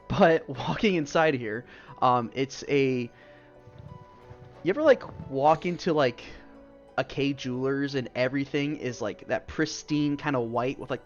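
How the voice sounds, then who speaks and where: A man's voice: medium pitch, measured pace. A man narrating a tabletop game as game master, rambling and full of "like" and "um". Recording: dull lo-fi stream audio with faint music.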